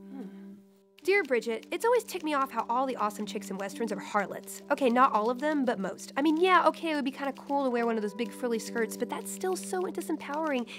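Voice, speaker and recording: A young woman hosting a web show in a quirky, playful scripted vlog style with jokey asides. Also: on the high side.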